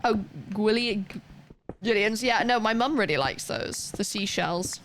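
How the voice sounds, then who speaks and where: A live streamer from Wales with a neutral British accent chats casually and rambles while playing a game. Her voice is medium-pitched and fairly bright, her pace unhurried, and there's slight background noise.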